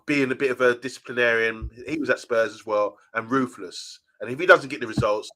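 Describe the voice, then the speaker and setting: Bright-voiced man chatting on a livestream. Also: medium pitch, fairly quick. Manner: chatty, reads out viewer comments. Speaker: co-host of a fan channel live show. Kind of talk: casual live-stream chat.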